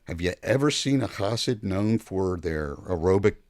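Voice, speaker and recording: An older man, a podcast guest, telling stories in a blunt, profane, animated way. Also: deep voice, normal speed, dry recording, clean studio sound. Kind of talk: casual storytelling chat.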